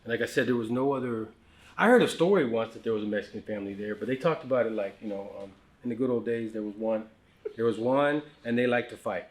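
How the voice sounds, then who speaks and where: A man's voice: medium pitch, quick pace. A middle-aged man from the United States tells personal stories in a loose, conversational way. He restarts sentences often and drops his voice for asides, sounding candid and unrehearsed. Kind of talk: casual storytelling conversation.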